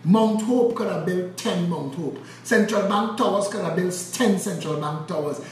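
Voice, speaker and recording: A man with a Trinidadian accent delivering an impassioned, cursing political rant, swinging between loud outbursts and low, intense passages. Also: moderate pace, heavy reverb, recorded from a distance, a little hiss or hum, low-quality recording. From Trinidad and Tobago. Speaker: political commentator.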